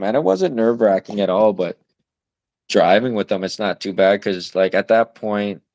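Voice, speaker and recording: A man's voice: on the low side, dry recording. A young man in his twenties, a new father of twins, chatting loosely on a podcast with lots of fillers and the odd curse. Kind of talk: casual chat.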